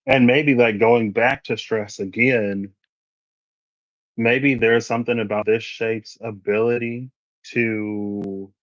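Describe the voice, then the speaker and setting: A man's voice: on the low side, fairly even intonation, takes it slowly, no room sound. A man giving a casual tarot reading, thinking aloud and wandering into asides. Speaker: tarot reader. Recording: dry, slightly muffled recording.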